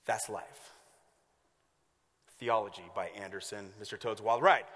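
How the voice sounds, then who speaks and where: A man preaching a sermon as pastor, telling stories in an animated way and acting out the voices of the people in them. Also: lowish voice, a little slow, in a large hall, a little hiss or hum. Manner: animated storytelling with acted-out voices.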